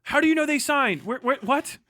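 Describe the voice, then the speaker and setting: A man with a high, bright, ringing voice, recorded dry and close with no room sound. He reads an article aloud on a live stream and keeps tearing into it with exasperated, profane rhetorical questions. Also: animated, a little fast, no room sound. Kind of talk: live stream reaction, reading aloud and ranting.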